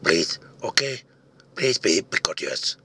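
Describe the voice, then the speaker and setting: A man voicing a fussy older uncle with a Macedonian accent, halting and polite but exasperated. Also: big pitch swings, pushed and bright, exaggerated voice. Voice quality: very deep, gravelly.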